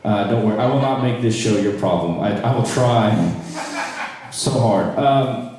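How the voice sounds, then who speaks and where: A man's voice: on the low side, measured pace, darkish tone, slight background noise. Young man doing stand-up in an echoey room. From North Charleston, South Carolina, USA. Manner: self-deprecating, wry crowd work. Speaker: stand-up comedian. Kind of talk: stand-up comedy set. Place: small live comedy room. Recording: echoey room from a distant mic.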